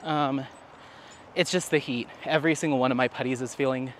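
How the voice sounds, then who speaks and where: A man's voice: mid-range voice, fairly even intonation, a little fast, fairly bright tone, a little hiss or hum. A man chatting casually with viewers while walking his dog in a park, laughing often. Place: outdoors in a park.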